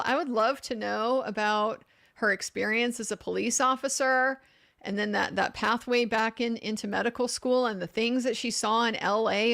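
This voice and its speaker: A middle-aged woman with a somewhat high, slightly bright voice hosts a live legal commentary stream. She reads viewer comments casually and gives frank opinions, restarting her sentences often.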